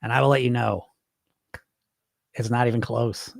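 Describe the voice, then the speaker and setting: A man's voice: medium pitch, very animated, normal speed, creaky, no room sound, studio quality. A man hosting a live weight-loss podcast, talking bluntly and profanely with pep-talk energy and reading viewer comments. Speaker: weight-loss hypnosis coach and podcast host. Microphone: wireless microphone.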